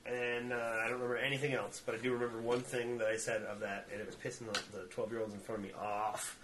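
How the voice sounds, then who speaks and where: A man co-hosting a podcast, telling a story in casual, profane chat and acting out the quotes in high voices. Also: level tone, fast talker, noisy background.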